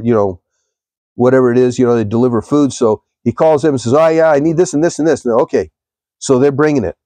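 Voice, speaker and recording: Mellow, rambling male live streamer. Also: medium pitch, dry recording. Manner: rambling storytelling, addresses viewers. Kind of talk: devotional live stream talk.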